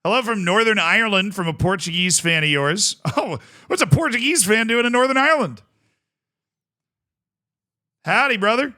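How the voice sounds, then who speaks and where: A man streaming a game live, talking casually into his desk mic. His voice sits a little high, with a smooth, crisp tone. He reads chat aloud and now and then bursts into excited shouts. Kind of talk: casual live-stream commentary while playing.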